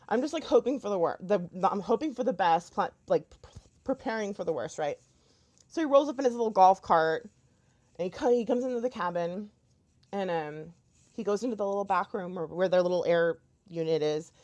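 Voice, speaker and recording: Woman vlogging, lively swooping voice, chatty and rambling, lots of fillers. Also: medium pitch, normal speed, dull audio. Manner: rambling, animated, many fillers and restarts. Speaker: YouTuber. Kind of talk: casual storytelling while doing makeup.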